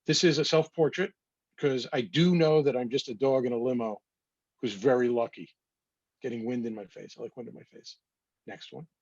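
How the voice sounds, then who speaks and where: A photographer with a slightly rough, husky voice, chatting casually through a slideshow of his pictures. He tells wry little anecdotes with a mid-range pitch. The sound is muffled and dry, close and dull. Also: moderate pace, darkish tone, dry recording. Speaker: photographer presenting his work.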